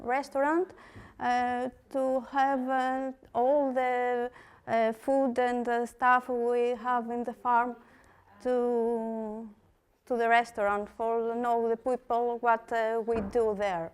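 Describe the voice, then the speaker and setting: A woman's voice: fairly high pitch, clear, resonant tone. A woman farmer from Greece introducing herself at a conference in simple, hesitant English with many fillers. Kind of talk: short self-introduction at a conference.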